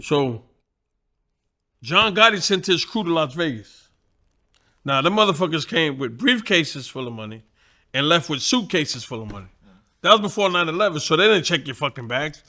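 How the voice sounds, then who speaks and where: A New York man tells stories with a high, bright and forceful voice. He swears freely and talks in an animated way. He is a boxing trainer, chatting as a guest. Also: moderate pace, pauses often. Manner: profane, animated, laughing. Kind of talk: casual storytelling.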